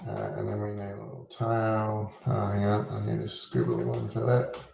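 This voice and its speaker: A man teaching a relaxed, informal music lesson. He explains rhythm, sings beats on "da", and jokes at his own expense. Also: on the low side, normal speed, gravelly, echoey room, slight background noise.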